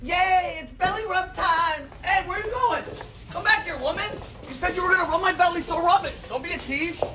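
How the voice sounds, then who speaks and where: A bossy pet, dubbed by a woman, orders her human to hurry up with the belly rub. The voice is high and pushy, and a noisy home clip plays underneath. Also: normal speed, far from the mic. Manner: bossy, demanding.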